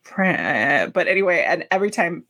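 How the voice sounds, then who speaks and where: A woman's voice: on the low side, lively intonation, normal speed, fairly bright tone. A woman comedian guest-hosting a podcast, playful and teasing, laughing often. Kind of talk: casual comedic chat.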